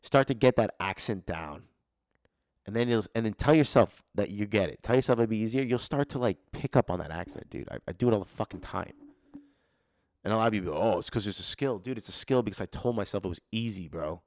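A young man with a fairly low voice hosts a solo podcast. He swears freely and gives a blunt, motivational pep talk in a casual tone. The sound is dry and close, with little room reflection. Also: lively intonation, fast talker, a little mellow, no room sound. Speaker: podcast host.

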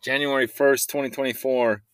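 A man's voice: medium pitch, steady tone, normal speed, smooth, dry recording. A young man telling a rambling story in a casual monologue, swearing freely and breaking into laughs. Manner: rambling, profane, often laughing. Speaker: voice-message storyteller.

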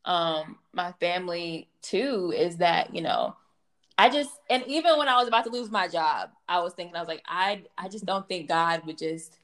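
A woman co-hosting a faith podcast, talking reflectively in a relaxed way with many fillers. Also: on the low side, normal speed. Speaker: podcast co-host.

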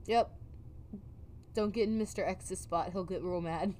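A woman's voice: fairly low pitch, measured pace, a little hiss or hum. A woman co-hosting a casual chat, telling a story and acting out the quotes with laughs. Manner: animated, acts out quotes with laughs. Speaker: podcast co-host telling a story.

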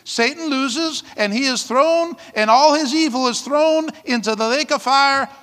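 Speaking a little slowly, this male pastor preaches with a bright, high-pitched voice that echoes at length around the hall. Frequent "amen?" check-ins with the congregation keep his lively, conversational sermon moving, and he laughs often between ideas.

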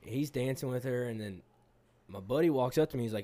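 A man's voice: mid-range voice, fairly quick, mellow. Man, casual storytelling, profane, rambling, laughs a lot, acts out quotes. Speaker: pipeliner telling stories.

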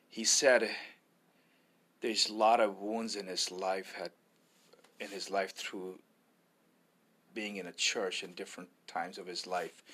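A man's voice: fairly low pitch, bright, forceful tone. A man, an evangelist, sharing a personal faith testimony in an earnest, preacherly way, often quoting scripture.

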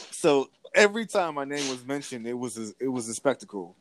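A man in casual podcast conversation, telling a story with energy and often breaking off to restart his sentences. He has a mid-range male pitch. The recording is dry and close, with no room sound. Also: moderate pace, dry recording. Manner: animated storytelling with frequent restarts. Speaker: podcast co-host.

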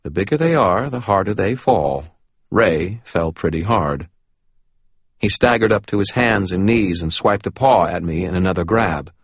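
A man's voice: low-pitched, expressive, moderate pace, husky, dry recording. A man reading a first-person audiobook in a dry, matter-of-fact way. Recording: dull lo-fi recording.

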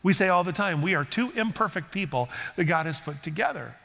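A man's voice: high-pitched, expressive, a little fast, vocal fry, a bit bright, big-room sound. Older male pastor preaching conversationally. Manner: conversational, earnest, acts out quotes. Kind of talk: sermon. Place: church sanctuary.

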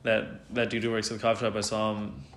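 A man's voice: fairly low pitch, flat delivery, quick pace, a little hiss or hum. A man speaking candidly as an interview guest, rambling with lots of fillers and some swearing. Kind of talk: candid casual conversation. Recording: roomy echo.

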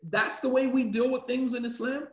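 A man's voice: extremely high pitch, steady tone, normal speed, fairly bright tone. A man, an imam, giving an emphatic, impassioned religious class lecture and driving his points home with repetition. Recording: roomy, dull lo-fi sound.

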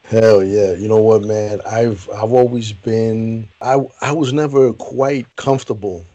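A man's voice: lowish voice, steady tone, a little slow, dark tone, lo-fi sound. A veteran man chatting casually, emphatic and profane, calling his guest bro. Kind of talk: casual chat.

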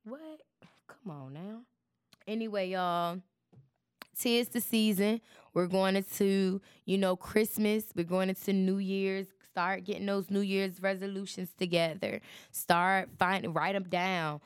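Woman, podcast host, preachy casual chat, smooth voice. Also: medium pitch, steady tone, measured pace, dry recording, studio quality. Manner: chatty, preachy, addresses listeners as y'all.

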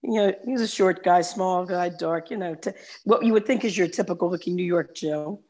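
A woman's voice: fairly low pitch, moderate pace, a little mellow. A woman chatting casually as a guest, rambling through stories and laughing easily. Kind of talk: casual chat and joke telling.

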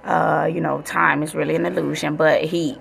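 Woman in her 30s, vlogger; low, very gravelly voice, heartfelt rambling chat. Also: flat delivery, moderate pace, fairly bright tone. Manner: heartfelt, rambling, many fillers. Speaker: vlogger, mother. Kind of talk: casual reflective vlog chat.

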